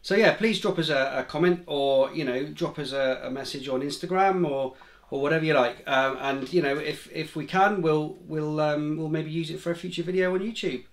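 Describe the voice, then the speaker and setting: A man's voice: a little high, moderate pace, hardly any pauses, reverberant. A man chatting casually on a family vlog, agreeable and hesitant, with many fillers. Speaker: vlogger parent. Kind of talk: casual chat.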